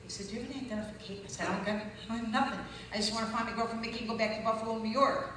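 A woman preacher telling her testimony as a story, acting out the voices of people in it and rising to loud, fervent peaks. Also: fairly high pitch, fairly even intonation, racing. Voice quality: distinctive voice. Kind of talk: testimony sermon. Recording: echoey hall from far off with noise.

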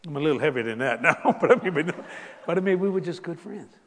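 An older man from South Louisiana with a Cajun accent, preaching a folksy storytelling sermon, animated and laughing as he tells stories. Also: a little high, fast talker, in a large hall. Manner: animated, laughing, Southern drawl, rising to exclamations.

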